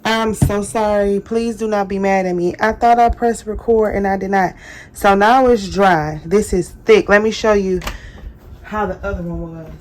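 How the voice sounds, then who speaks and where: A woman's voice: mid-range voice, fairly even intonation, normal speed, a little mellow. Chatty woman hosting a craft tutorial. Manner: chatty, apologetic, self-deprecating. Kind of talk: casual how-to demonstration.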